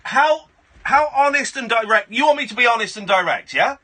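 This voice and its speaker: A man hosting a late-night radio phone-in, talking to a caller in a loose, rambling way. His voice is high for a man and very bright. It has a husky edge and swings widely in pitch. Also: lively intonation, a little fast. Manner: blunt, rambling, full of restarts. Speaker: radio host. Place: radio studio. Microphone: studio microphone.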